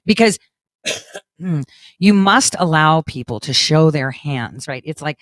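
A woman's voice: sits low, lively intonation, slow, no echo. A middle-aged woman hosting her own commentary show, talking straight to viewers in a blunt, profane, emphatic monologue full of "right?" tags. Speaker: political commentary show host.

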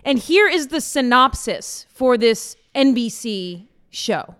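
A woman's voice: fairly high pitch, expressive, takes it slowly, a bit bright, smooth. A woman co-hosting a podcast, chatting and teasing her co-host in a playful, casual way.

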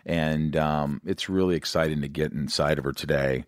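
A man's voice: rumbling low, fairly even intonation, normal speed, dry recording, studio quality. A man hosting a podcast, chatting casually in a rambling, jokey way and a little out of breath. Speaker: podcast host. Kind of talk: casual interview chat.

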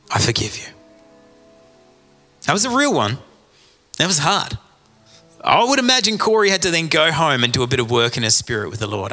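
A male pastor delivers an earnest sermon, pressing his listeners with pleading questions. His voice is bright and sharp, in a middle register. The sound rings out with the long reverb of a church hall. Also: medium pitch.

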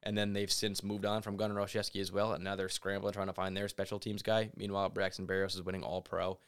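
A man co-hosting a casual sports podcast, animated and opinionated, sometimes slipping into mock voices to make a point. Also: deep voice, quick pace, clear, resonant tone. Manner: animated, opinionated, mimics people in asides. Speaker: podcast co-host.

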